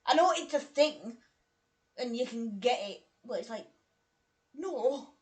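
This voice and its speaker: A woman chatting casually on a live stream, a little tipsy, self-deprecating and quick to laugh. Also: a little high, lively intonation, darkish tone.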